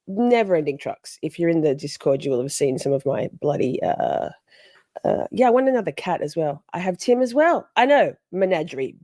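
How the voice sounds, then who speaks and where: A middle-aged woman tells a story on a live stream, chatty and animated, stopping to greet viewers. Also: sits low, no echo, clean studio sound.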